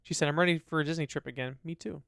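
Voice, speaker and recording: A man's voice: on the high side, steady tone, rapid-fire, gravelly, fairly bright tone, dry recording, studio quality. A man co-hosting a casual podcast, reading listener comments aloud and chatting about them. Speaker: podcast co-host. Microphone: studio dynamic mic.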